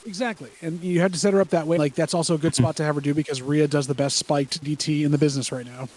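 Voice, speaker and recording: Fast-talking enthusiastic man. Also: fairly high pitch, fairly even intonation, a little mellow. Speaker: podcast co-host. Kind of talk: casual chat reacting to wrestling.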